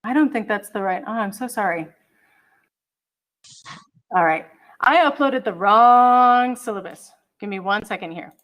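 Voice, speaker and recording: On a video call through her computer mic, a middle-aged woman teaches college English online in a fairly bright, mid-range voice. She's unhurried with long pauses, chatty and apologetic, and hums while she searches for files.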